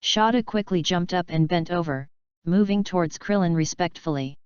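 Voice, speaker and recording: A woman narrating an audiobook story in a steady, unhurried way. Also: on the low side, smooth, no room sound. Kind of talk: audiobook reading. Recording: dull lo-fi audio.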